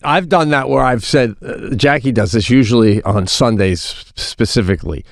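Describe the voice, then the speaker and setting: A man's voice: mid-range voice, moderate pace, vocal fry, no echo, studio quality. A middle-aged man co-hosting a podcast, laughing often and acting out conversations in a casual chat. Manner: laughing, animated, acts out conversations. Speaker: podcast co-host.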